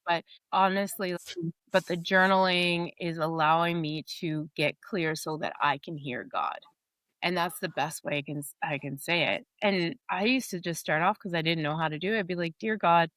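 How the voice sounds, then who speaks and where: A woman in her forties speaks as a podcast guest, with a somewhat low voice. She tells her story openly and in a rambling way. The close, dry sound has no room echo. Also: moderate pace, a bit bright. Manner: open, candid, rambling storytelling. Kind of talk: casual interview talk.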